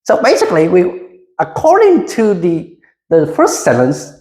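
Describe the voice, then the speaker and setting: In a classroom micro lesson, an English teacher speaks slowly and deliberately, hesitating often and leading the class in repetition. His mid-range voice is a little mellow with huge pitch swings, and the recording has a roomy echo.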